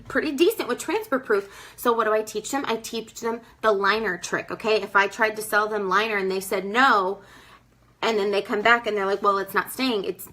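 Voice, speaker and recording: A young woman talks in a chatty, emphatic way, calling her listeners "girl" as she coaches them on sales. Her voice is bright and forward. She slips into her customers' voices to act out how they talk. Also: medium pitch, poor audio. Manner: acts out customers in quoted voices. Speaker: direct sales team leader. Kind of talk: casual training talk.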